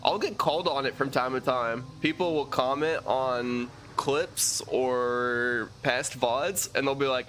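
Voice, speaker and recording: A young man chatting casually on a live game stream, slangy and relaxed, thanking viewers with lots of fillers and restarts. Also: medium pitch, unhurried, faint music behind. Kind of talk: casual live-stream chat while gaming.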